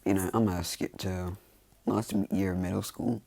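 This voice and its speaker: A man's voice: sits low, steady tone, normal speed, vocal fry, a little mellow, dry recording. A man casually improvising a fan story, rambling with lots of fillers and self-corrections.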